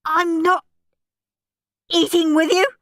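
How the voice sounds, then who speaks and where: A woman voicing a bratty, demanding young boy who whines and shouts in a storybook reading. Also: on the high side, very animated, takes it slowly, dry recording, studio quality, voice pushed up, heavily acted.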